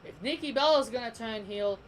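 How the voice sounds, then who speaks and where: This Australian wrestling vlogger is a young man with a very high-pitched, slightly bright voice, talking fairly quickly. He delivers a heated, opinionated commentary, restarting sentences and saying the same things over. There's slight background noise on a low-quality recording.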